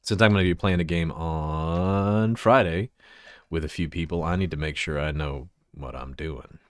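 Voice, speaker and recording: Deep-voiced man in casual stream chatter. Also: normal speed, no echo, clean studio sound. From Central Texas. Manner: loose and profane, laughs often, talks while fiddling with settings. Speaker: livestreamer showing his avatar model. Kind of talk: casual livestream chat.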